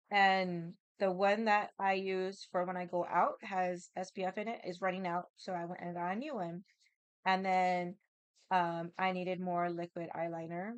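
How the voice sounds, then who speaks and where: A woman's voice: medium pitch, smooth, dry recording. A woman casually telling a rambling story about her day as a vlogger, with lots of filler words.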